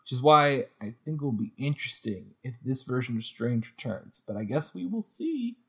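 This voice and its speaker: A man's voice: medium pitch, big pitch swings, slightly rough. A man co-hosting a podcast, chatting casually, laughing often and acting out lines as he reviews episodes. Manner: chatty, quick to laugh, acts out quotes. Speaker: podcast co-host.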